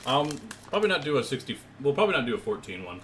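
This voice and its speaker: A young man livestreaming a racing game from his room, chatting and joking with his viewers in quick asides. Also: medium pitch, very animated, fairly bright tone, slight background noise. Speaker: gaming streamer. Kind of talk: live stream chat and play-by-play. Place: home room. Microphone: desk mic with webcam.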